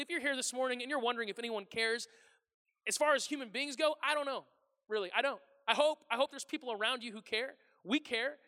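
A pastor with a very high-pitched, sharp voice preaches a sermon in a church sanctuary, where a long hall reverb trails his words. He keeps it conversational, putting questions to the congregation and acting out the people he quotes.

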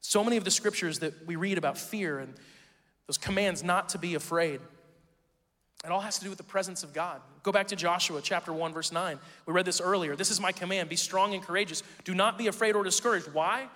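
High-voiced man preaching in a reverberant church. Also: brisk. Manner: conversational and joking, swinging from loud to hushed. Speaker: pastor. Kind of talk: sermon. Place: church sanctuary.

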